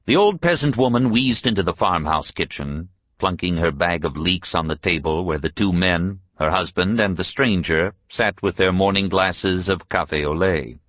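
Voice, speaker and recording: A man reading an unabridged novel as an audiobook narrator, measured and expressive. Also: low voice, no echo, muffled recording. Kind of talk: scripted narration.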